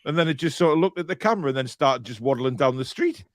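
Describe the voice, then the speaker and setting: A man's voice: mid-range voice, expressive, fast talker, dry recording, studio quality. A middle-aged man co-hosting a casual live stream, reading out viewer comments in a jokey, rambling way with many restarts.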